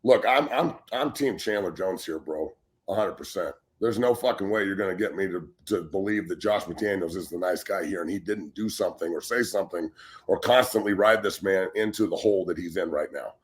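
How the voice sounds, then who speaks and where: A former pro football player of about forty, co-hosting a talk show, telling a story in a blunt, profane, emphatic way. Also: male voice, deep voice, a little fast. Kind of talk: heated casual talk show rant.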